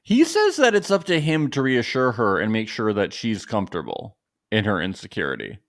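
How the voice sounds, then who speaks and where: A man co-hosting a casual podcast recap, chatty and lively, acting out quotes in a raised voice. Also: fairly low pitch, moderate pace. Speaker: podcast co-host.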